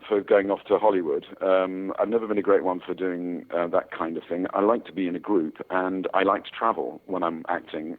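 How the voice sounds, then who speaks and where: A man in his sixties, an actor talking about his work in a casual interview, rambling with many fillers and restarts. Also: sits low. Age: 60s. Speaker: actor guest. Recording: tinny phone-like sound.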